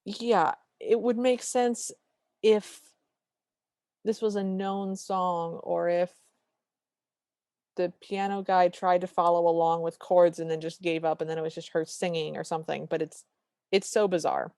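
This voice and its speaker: Speaking at an unhurried pace in a fairly low voice, this woman co-hosts a podcast and chats casually through a film's plot. She's animated and performs the characters' lines in voices. It's studio-quality audio with no room sound.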